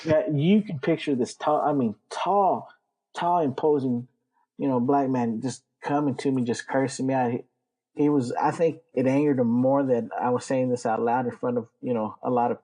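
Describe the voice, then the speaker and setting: Husky mellow-voiced man telling stories. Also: medium pitch, moderate pace, poor audio. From Texas. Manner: rambling, profane, lots of fillers. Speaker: interview guest, Navy veteran. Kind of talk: casual storytelling.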